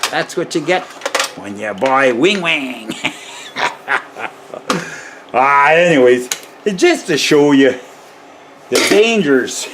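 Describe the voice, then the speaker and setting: A man who works as an electrician talks slowly and unhurriedly in a casual how-to vlog. He rambles and chuckles as he goes, getting excited about his subject. Faint noise hums behind him. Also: on the high side. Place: garage.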